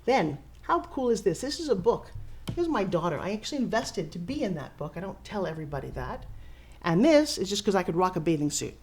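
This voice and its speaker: A woman in her fifties giving a casual walking tour of her studio, excitable and showy, talking straight to the camera. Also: lowish voice, brisk. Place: her own studio and offices, indoors.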